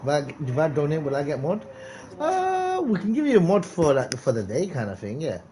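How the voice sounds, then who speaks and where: A man's voice: fairly high pitch, brisk, a little hiss or hum. A man streaming a game live, chatting casually and calling out viewers by name. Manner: excitable, calls out viewers by name. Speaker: gaming streamer.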